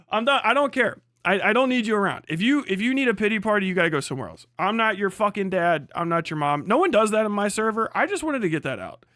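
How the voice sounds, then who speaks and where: A man with a high-pitched voice delivers a blunt, profanity-heavy livestream rant. His voice is recorded close and dry, with no room sound around it. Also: lively intonation, fast talker, few pauses, bright, forceful tone, no room sound. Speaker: streamer.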